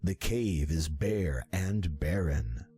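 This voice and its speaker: An actor voicing the narrator of an adventure game, reading in a measured, descriptive way. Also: male voice, deep voice, expressive, dark tone, soft background music. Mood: calm. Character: adult male game narrator, calm. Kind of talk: scripted narration.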